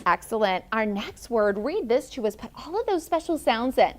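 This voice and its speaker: A woman teacher in a classroom, leading a phonics drill and chanting sounds and letters slowly and deliberately, calling on pupils with encouragement. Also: fairly high pitch, big pitch swings.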